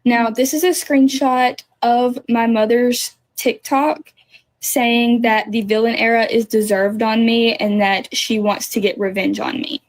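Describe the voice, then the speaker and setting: Teen girl, measured storytime delivery, slightly high pitch. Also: steady tone, poor audio. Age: teenager. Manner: measured, matter-of-fact recounting. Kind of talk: personal storytime clip.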